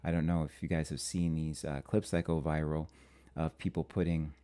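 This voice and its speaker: Very deep-voiced man hosting a stream. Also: level tone, mellow. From Minnesota. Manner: halting, lots of restarts and fillers. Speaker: astrology channel host. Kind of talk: live-stream commentary.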